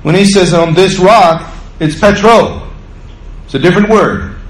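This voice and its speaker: A man preaching a sermon as pastor, acting out quotes with rising pitch and volume. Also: measured pace. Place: church sanctuary. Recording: echoey church room, faint ambience.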